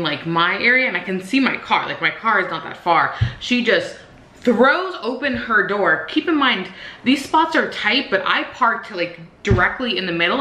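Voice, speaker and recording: At home in an echoey room, a young woman vlogger vents about her day. Her mid-range voice is bright and forceful, and her casual storytelling is animated and full of swearing.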